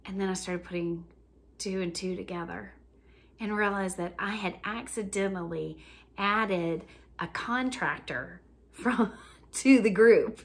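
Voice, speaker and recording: A woman tells a story at a slow, unhurried pace, her voice sitting in a middle register. She speaks easygoing and casual, with fillers and frequent bursts of laughter. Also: medium pitch. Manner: laughs often while telling a story. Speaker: joy coach.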